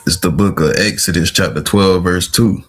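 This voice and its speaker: A man in a class reading scripture aloud, loud and measured. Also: sits low, fairly even intonation, slightly rough.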